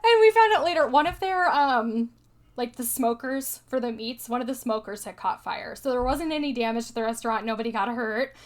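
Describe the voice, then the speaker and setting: A young woman co-hosting a casual podcast, chatty and quick to laugh, with lots of fillers as she walks through her slides. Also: on the high side, animated. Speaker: podcast co-host presenting slides. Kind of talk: casual chat.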